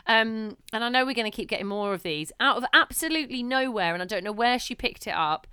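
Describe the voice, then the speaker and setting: Woman co-host, bright crisp voice, chatty, laughs a lot, dry close sound. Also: on the high side, expressive, quick pace, no echo. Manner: chatty, laughs often, trails off with ums. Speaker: podcast co-host. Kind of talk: casual chat.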